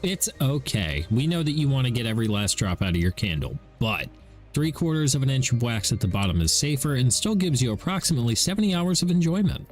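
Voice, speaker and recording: Young male streamer, loud and profane, very animated delivery, middle-pitched voice. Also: quick pace, soft background music. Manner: loud, excitable, profane ranting. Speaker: gaming streamer. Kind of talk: casual stream chat.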